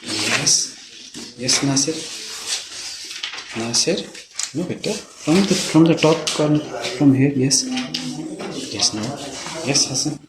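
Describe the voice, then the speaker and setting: A male teacher with a Pakistani accent talks young children through a task in a school library, patient and coaxing. He repeats his instructions often. The room is echoey, with a steady noisy background behind him. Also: medium pitch, slow pace, long pauses. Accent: Pakistani English.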